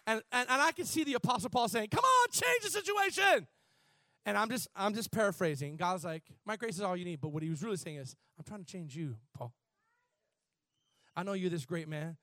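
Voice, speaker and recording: A man preaching a sermon, repeating words and drawing out phrases, building from quiet emphasis to shouted fervor. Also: high-pitched, a little fast, no echo.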